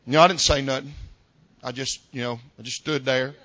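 A male pastor preaching a sermon in a church service, folksy, swinging between loud shouted climaxes and quiet asides. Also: mid-range voice, fairly even intonation, a little fast, no echo.

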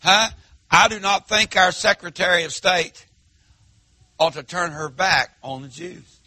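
A pastor preaching in church, his voice sitting a little high and ringing very bright with a husky edge. He leans on rhetorical questions and swings from loud, emphatic lines down to near-murmured asides. The sound is close and dry. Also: a little slow, no room sound. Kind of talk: sermon.

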